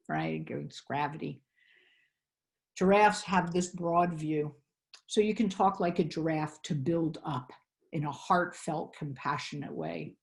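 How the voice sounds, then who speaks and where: Woman, low voice, gravelly, earnest coaching tone, wellness webinar talk. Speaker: wellness presenter. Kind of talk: webinar presentation.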